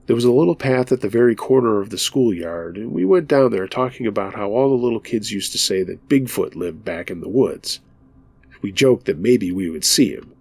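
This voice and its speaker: A man telling a true scary story in calm, measured scripted narration. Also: lowish voice, gravelly, dry recording.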